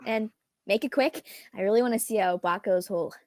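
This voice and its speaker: A woman's voice: medium pitch, fairly quick, no room sound, studio quality, lightly acted. A young woman playing a flippant, curious teenage girl in a student radio play. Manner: flippant, wisecracking.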